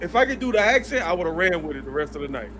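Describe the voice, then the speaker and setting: A man's voice: high voice, very animated, quick pace, crowd noise. A man appearing as a podcast guest, telling casual stories in a laid-back, slangy, rambling way. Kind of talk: casual storytelling.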